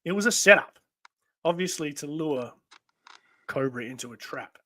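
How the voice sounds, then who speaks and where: A man hosts a casual live stream, reading a comic aloud between chatty asides. He hesitates often and fills gaps with "um" and "uh". His voice sits a little high. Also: lively intonation, moderate pace, pushed and bright. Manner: chatty, hesitant with many fillers. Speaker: host.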